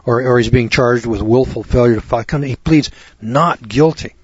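A man's voice: mid-range voice, normal speed, husky, no room sound. A man lecturing to students in a folksy way, piling up rhetorical questions and repeating them for effect. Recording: dull lo-fi recording.

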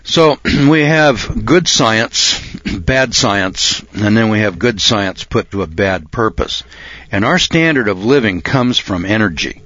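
Man, insistent speech, frequent throat clearing, halting restarts, dry close sound. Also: on the low side, a bit bright, dry recording. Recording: dull lo-fi recording.

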